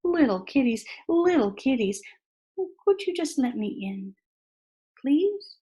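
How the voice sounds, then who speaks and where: A woman's voice: high voice, sing-song, takes it slowly, dark tone, highs cut off, exaggerated voice. A woman voicing a hungry male wolf in a storybook read-aloud, coaxing and threatening.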